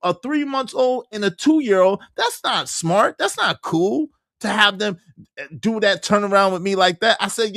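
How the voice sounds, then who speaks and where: A man telling a personal story casually, getting animated and jumping up in pitch when he quotes himself. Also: moderate pace, creaky, dry recording, clean studio sound. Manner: animated, jumps high when quoting himself, laughs through.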